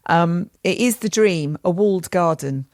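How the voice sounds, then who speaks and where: Middle-aged woman, deep speaking voice, casual rambling podcast chat, dry close mic. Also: a little mellow, dry recording. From England. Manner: chatty, rambling storytelling with quick asides. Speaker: podcast co-host.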